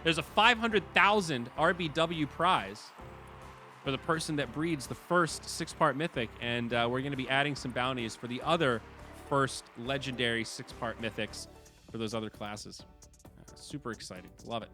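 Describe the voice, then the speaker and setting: A man hosting a game stream, chatting casually and excitably, swearing and laughing at his losses. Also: medium pitch, moderate pace, faint music behind. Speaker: stream host and commentator.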